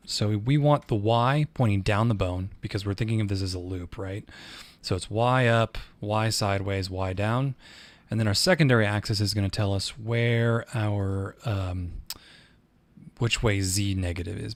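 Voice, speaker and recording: A man's voice: medium pitch, no room sound. Male streamer with a mid-range voice, casual and profane, on a dry close mic; explaining technical steps while venting frustration. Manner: profane, rambling, easily frustrated. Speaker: streamer and 3D artist. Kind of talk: casual livestream tutorial.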